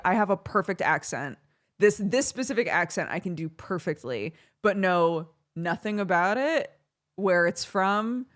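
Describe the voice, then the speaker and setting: Laughing, animated young woman streamer. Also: medium pitch, unhurried. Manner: giggly, animated storytelling with frequent laughter. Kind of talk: casual chat on a livestream.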